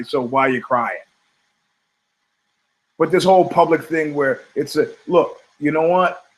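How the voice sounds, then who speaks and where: A man's voice: a little high, fairly bright tone, low-quality recording. A middle-aged man hosting a podcast, telling rambling, profane stories in a sardonic, comedic monologue. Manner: profane, sardonic, storytelling with quoted voices. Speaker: podcast host.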